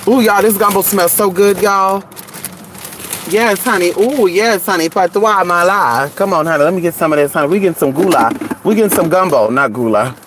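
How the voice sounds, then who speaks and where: A vlogger in a casual gossip chat outdoors in the cold, sassy and animated, calling listeners honey and girl. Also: medium pitch, brisk, noisy background.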